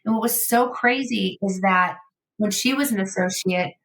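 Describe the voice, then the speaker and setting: A woman's voice: mid-range voice, normal speed, fairly bright tone, slight background noise, low-quality recording. Chatty middle-aged woman podcast host. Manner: chatty, rambling, many fillers. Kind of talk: casual interview chat.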